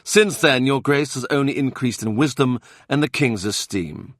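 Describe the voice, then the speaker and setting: A man voicing a blunt, plain-spoken male advisor of humble birth in an audiobook, steady and practical. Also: medium pitch, normal speed, no echo, studio quality, pitched above the performer's own voice, natural voice. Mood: formal.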